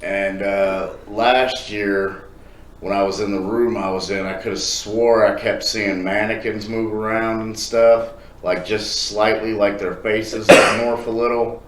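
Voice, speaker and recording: A man's voice: fairly low pitch, fairly even intonation, unhurried. A man who works as a haunt actor, a guest chatting casually and a bit hesitantly. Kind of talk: casual chat. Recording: echoey room with faint noise.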